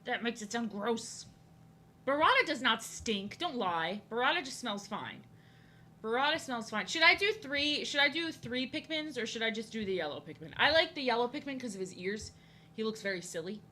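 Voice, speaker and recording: A young woman streamer rambles and jokes at her own expense as she draws, talking in a bright, crisp voice. The recording from her home room carries a faint hiss. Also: a little high, lively intonation, brisk. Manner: rambling, self-deprecating, jokey. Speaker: art streamer. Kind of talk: casual chat while drawing on stream.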